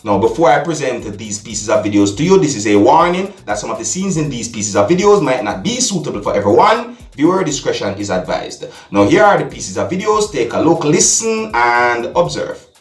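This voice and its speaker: A man's voice: medium pitch, sing-song, far from the mic. A man hosting a news commentary vlog, stretching out key words and dropping in catchphrases. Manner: drawn-out emphatic phrasing with catchphrases. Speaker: vlog host. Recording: echoey room, off-mic.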